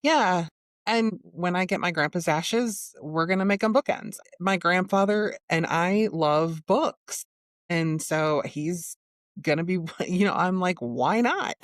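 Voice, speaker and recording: A woman hosting a podcast, chatting in a relaxed, reflective way. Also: fairly low pitch, measured pace, no echo, studio quality. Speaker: podcast host. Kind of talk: casual interview chat.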